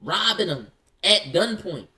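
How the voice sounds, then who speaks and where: A man telling a story in casual slang, acting out both sides of an argument in quick quoted lines. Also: high voice, animated, bright, forceful tone.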